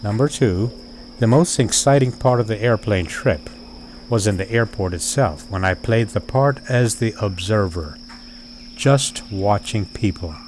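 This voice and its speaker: A man talking in a slow, deliberate, dryly wry way, like he's keeping a video diary. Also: lowish voice, lively intonation, a little mellow, slight background noise. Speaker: vlogger.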